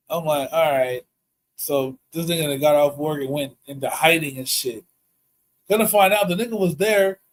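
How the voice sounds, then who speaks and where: A man casually telling a profane, animated story on a podcast, laughing often. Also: fairly high pitch, normal speed, slight background noise, rough recording.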